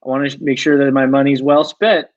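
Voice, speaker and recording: A man's voice: medium pitch, steady tone, a little fast, no room sound. A man improvising a scene, talking in restarts and repeats. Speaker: improv performer. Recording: dull lo-fi dry sound.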